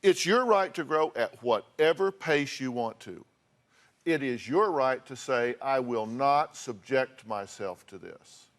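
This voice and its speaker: A man's voice: mid-range voice, lively intonation, measured pace. An older man with a Southern American accent hosting a talk show, bluntly scolding guests and reading out costs. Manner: blunt, scolding, reads out figures. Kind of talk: confrontational talk show advice.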